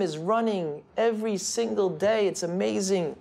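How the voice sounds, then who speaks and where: A rabbi telling a story in a sermon, animated and building excitement. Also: male voice, on the high side, a little slow. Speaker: rabbi and speaker.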